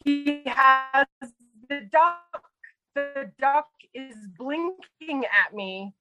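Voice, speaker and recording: A woman's voice: high voice, extremely slow, pushed and bright, soft background music, voice pushed up, full character voice, poor audio. A woman putting on the voice of a panicked woman stuck with a stubborn dog, rambling frantically and breathlessly. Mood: frantic.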